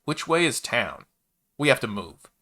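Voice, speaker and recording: A man's voice: medium pitch, sing-song, unhurried, sharp tone, pitched above the performer's own voice, exaggerated voice. A man voicing a chatty, easygoing male alien baker in a sci-fi story, with a laid-back, folksy manner. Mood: urgent. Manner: laid-back, folksy, calls the listener kid.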